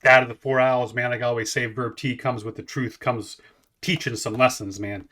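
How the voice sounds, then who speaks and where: A man's voice: medium pitch, steady tone, normal speed, bright, forceful tone. A man in his forties hosting a music reaction, rambling casually with lots of swearing and restarts. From Canada. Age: 40s. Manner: rambling, profane, many restarts.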